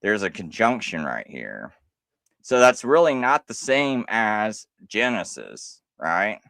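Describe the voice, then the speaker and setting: A male livestream host with a sarcastic, mocking edge, laughing as he argues. His pitch moves all over the place, rising high in disbelief and dropping low. The sound is dry and close. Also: huge pitch swings, takes it slowly, creaky, fairly bright tone, dry recording. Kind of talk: livestream rebuttal commentary.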